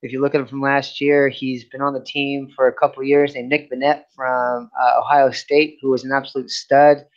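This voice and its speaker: A man's voice: mid-range voice, flat delivery, moderate pace, few pauses. Male sports podcast co-host, rambling casual debater, muffled lo-fi audio. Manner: long rambling points with restarts. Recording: dull lo-fi sound.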